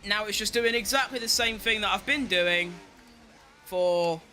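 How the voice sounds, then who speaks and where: A young man rattles off live commentary while he races, excitable and quick to swear at rivals or plead with his car. His voice sits high and sounds very bright and sharp. Faint music plays under him. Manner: excitable, swears, talks to himself and the game. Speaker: game streamer. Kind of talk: live racing game commentary.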